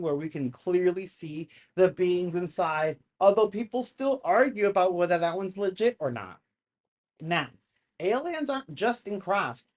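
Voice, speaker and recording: A YouTube host giving excited, casual commentary on videos, chatty and easily worked up, saying "y'all". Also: medium pitch. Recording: noticeable background noise.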